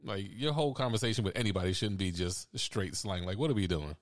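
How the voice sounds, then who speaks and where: A man's voice: lowish voice, animated, quick pace. A young adult man co-hosting a casual chat, telling stories with a laid-back, laughing, profane manner. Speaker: podcast co-host.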